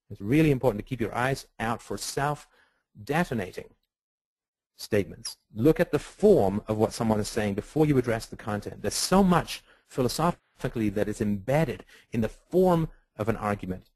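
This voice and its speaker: A man giving a webinar lecture on ethics, animated and rhetorical, acting out the voices of people he quotes. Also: fairly low pitch, slightly rough, dry recording, rough recording. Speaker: webinar speaker.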